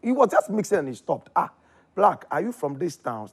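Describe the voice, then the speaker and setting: A man with a Ghanaian accent telling his story in casual chat, animated, his voice jumping up when excited. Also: high-pitched, moderate pace, husky. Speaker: guest.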